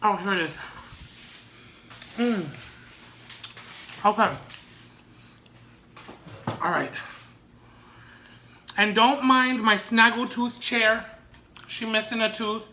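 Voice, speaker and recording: A woman's voice: mid-range voice, slow pace, pauses often, sharp tone, slight background noise. A woman vlogger chatting casually and laughing easily while she eats and reads viewer stories. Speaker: mukbang vlogger. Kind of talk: casual chat while eating.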